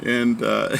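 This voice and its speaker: Man in a casual storytelling talk, rambling delivery, bright tone, faint background hum. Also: mid-range voice, gravelly. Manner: rambling, many fillers and restarts. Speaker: speaker sharing a story.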